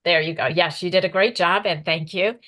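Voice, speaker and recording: A woman giving a candidate's closing statement over a video call in a warm, conversational and appreciative way. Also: fairly low pitch, steady tone, moderate pace. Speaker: political candidate.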